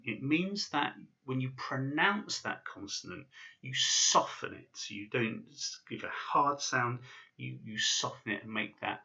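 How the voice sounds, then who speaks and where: Gravelly man giving a language lesson. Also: medium pitch, pushed and bright, dull audio. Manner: explains slowly with many fillers and restarts. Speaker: language teacher. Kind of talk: casual video lesson.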